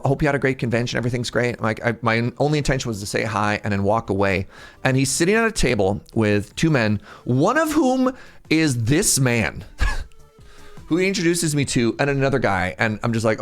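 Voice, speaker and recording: A man from Canada, streamer in casual live-stream chat, telling an animated story and laughing often. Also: medium pitch.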